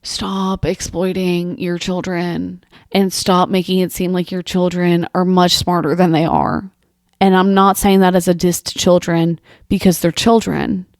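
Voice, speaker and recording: A woman's voice: on the low side, darkish tone, no room sound, studio quality. A young woman hosting a comedy monologue show, reading social media posts aloud and reacting with exasperated, incredulous rhetorical questions. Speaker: podcast host.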